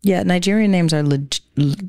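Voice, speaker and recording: A woman's voice: on the low side, moderate pace, warm tone, no room sound, studio quality. Chatty woman co-hosting a podcast. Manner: chatty, hesitant, many fillers and restarts. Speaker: podcast co-host. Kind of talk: casual chat.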